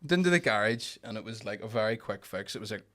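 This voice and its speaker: Bloke chatting easy, bright tone, laid back stories. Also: male voice, lowish voice, animated, quick pace. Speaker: podcast guest. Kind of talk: casual chat.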